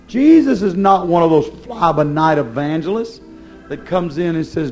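A man preaching a sermon, swinging from loud declaiming to low, intense pleading. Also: moderate pace, soft background music.

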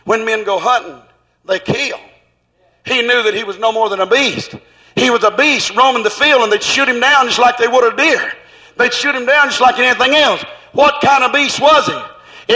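A man preaching a sermon in a fervent, rhythmic way, at times breaking into shouts. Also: very high voice, long reverb tail, low-quality recording.

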